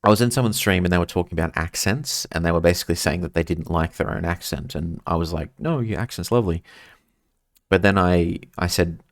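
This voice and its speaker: A man's voice: low-pitched, steady tone, quick pace, hardly any pauses, no echo, clean studio sound. An Australian man streaming a game, chatting casually and rambling while reading his chat aloud.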